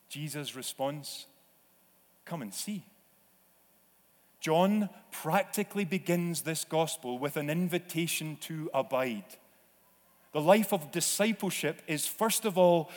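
A man preaching a sermon in a church, slow and deliberate, sometimes acting out voices. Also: on the high side. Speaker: pastor. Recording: long reverb of a church hall.

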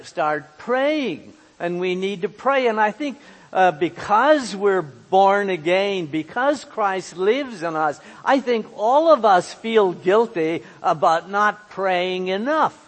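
A man's voice: high voice, long reverb tail. A man pastor giving an earnest sermon, often repeating words as he searches for the next one. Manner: earnest, repeats words while finding them.

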